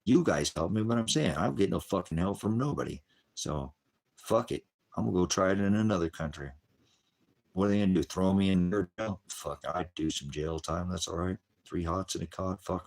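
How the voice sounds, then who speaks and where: Profane, frustrated man on a live stream. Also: a little mellow. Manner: profane, swings from angry outbursts to low weary mutters. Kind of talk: rambling live stream chat.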